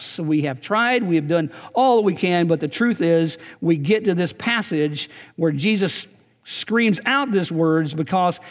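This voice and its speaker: A male pastor preaching a sermon earnestly, often checking in with his listeners by asking "right?". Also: high voice. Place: church sanctuary. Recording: long church reverb.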